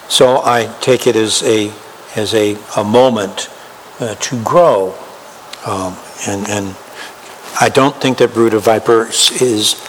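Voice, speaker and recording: Slow, deliberate male preacher in a hall. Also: on the low side. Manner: slow, emphatic preaching with rhetorical questions. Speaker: pastor. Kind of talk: sermon. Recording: long hall reverb, faint room noise.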